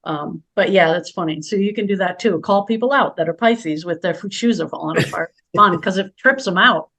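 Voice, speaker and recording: A woman's voice: fairly low pitch, a bit bright. A middle-aged woman, a spiritual healer, talking casually in an interview, chatty and full of anecdotes. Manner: chatty, storytelling, quick to laugh.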